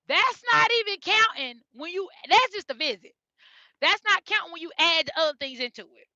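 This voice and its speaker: Mother vlogger in her thirties, high sharp voice, emotional and repetitive, dry dull recording. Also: no room sound. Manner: emotional, repeats herself, talks straight to viewers. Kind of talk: casual storytelling to viewers.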